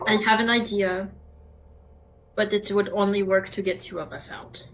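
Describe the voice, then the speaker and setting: A woman's voice: medium pitch, flat delivery, moderate pace, fairly bright tone. A woman playing a tabletop game, chatty and playful. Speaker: player. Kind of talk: casual tabletop game play.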